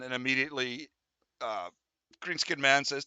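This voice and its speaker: A man in the game master's seat, talking through the scene with lots of "uh"s and restarts. His voice is bright and forward, and it sounds close and dry with no room around it. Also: medium pitch, normal speed, long pauses, clean tone, no echo, dull audio. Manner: rambling, full of fillers and restarts, voices the figures lightly. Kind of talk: narrating a tabletop game.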